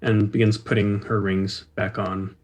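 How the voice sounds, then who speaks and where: A young man narrating a tabletop role-playing game as game master, relaxed, with fillers. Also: on the low side, a little slow.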